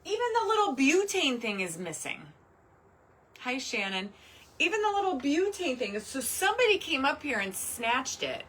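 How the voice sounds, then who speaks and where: A woman's voice: high voice, big pitch swings, moderate pace, a bit bright. A woman hosting a casual crafting livestream, exasperated and talking to herself and her chat as she works.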